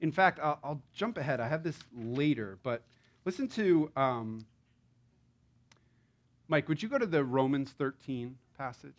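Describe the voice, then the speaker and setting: A man preaching a sermon to a congregation in a conversational, animated way, with frequent asides and rhetorical questions. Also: mid-range voice, measured pace, pauses often. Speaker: pastor.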